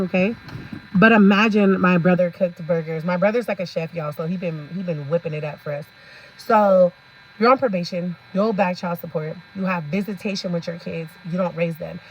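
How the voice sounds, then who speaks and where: A woman's voice: mid-range voice, darkish tone, muffled recording, slight background noise. Sassy laughing woman vlogger. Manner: sassy, laughs often, talks straight to viewers. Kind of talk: casual ranting commentary.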